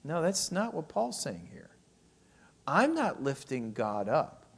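A man preaching a sermon, teaching from a Bible passage, slowing down to stress key phrases and asking rhetorical questions. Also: on the high side, huge pitch swings, creaky, slightly rough. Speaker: pastor.

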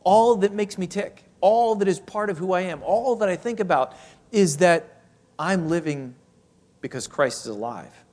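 A male pastor preaching with emphasis and a slightly raised pitch. He slows down to press home key phrases and asks his listeners rhetorical questions. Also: a little mellow. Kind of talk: sermon.

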